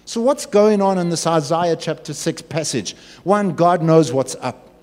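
Pastor preaching, bouncy animated voice, a bit high, big echoey hall. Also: male voice, measured pace. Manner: animated, acts out voices and asides. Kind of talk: sermon.

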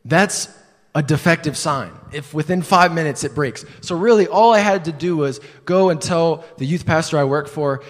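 In a church building with long hall reverb, a man preaches a sermon, sharing a personal story in a conversational, self-deprecating way. His voice is on the high side at a moderate pace, and he uses rhetorical questions and hesitant restarts.

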